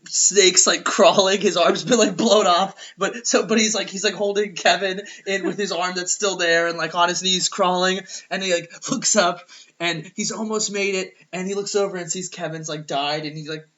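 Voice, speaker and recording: Rambling young man pitching a movie. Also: moderate pace, lo-fi sound. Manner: rambling, animated, acts out characters in quoted voices. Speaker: podcast co-host. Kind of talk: casual comedic movie pitch.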